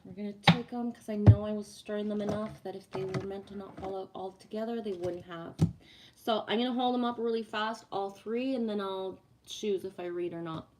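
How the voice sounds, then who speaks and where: A woman's voice: mid-range voice, steady tone, fairly quick, very noisy. A woman livestreaming casually to viewers, ranting bluntly and swearing freely, then reading oracle cards. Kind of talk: casual live chat with viewers.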